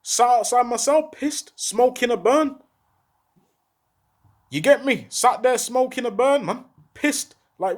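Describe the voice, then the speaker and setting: Urgent high-voiced talker. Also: male voice, measured pace. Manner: urgent, repeats rhetorical questions, heavy street slang. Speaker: former prisoner speaking out. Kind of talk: impassioned monologue to camera.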